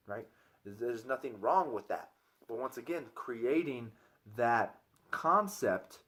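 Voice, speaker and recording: Chatty man in his thirties, opinionated. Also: mid-range voice. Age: 30s. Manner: chatty, keeps tagging lines with "right?"; earnest, opinionated, repeats himself while he thinks. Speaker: personal trainer vlogger. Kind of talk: casual vlog monologue.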